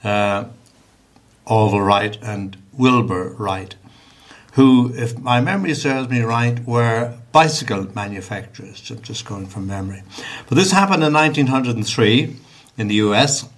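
A man's voice: medium pitch, lively intonation, normal speed. A man reading a historical account aloud on a talk show, with small hesitations.

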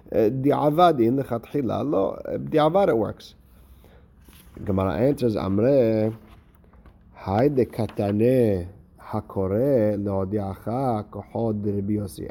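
A man gives a Talmud lesson in a deep, very mellow voice. He rattles off the original text quickly, then slows down to explain it in English, stumbling through "uh"s and restarts. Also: vocal fry. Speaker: Talmud teacher. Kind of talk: Talmud lesson, reading and translating.

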